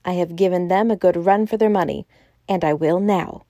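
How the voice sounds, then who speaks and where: A woman reading the lines of a huge, genial, riddling male president in a smooth, playful, mocking manner. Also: fairly low pitch, moderate pace, mellow, no echo, clean studio sound, natural voice. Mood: grand.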